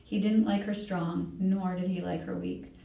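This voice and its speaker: A woman reading from a novel at a library event, her voice low with a gravelly fry. She reads in a measured way and corrects herself now and then. She sounds distant in an echoey room. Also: little pitch movement, lo-fi sound. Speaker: author reading.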